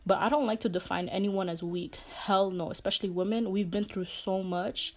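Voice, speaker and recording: A woman's voice: medium pitch, fairly even intonation, moderate pace. A young woman giving casual relationship advice, blunt, swearing often, and padding her talk with fillers.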